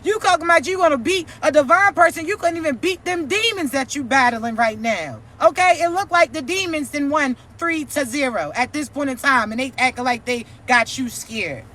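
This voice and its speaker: A woman's voice: sits high, animated, moderate pace, few pauses, a bit bright. A woman giving a profane, preachy, mocking vlog rant as a spiritual content creator.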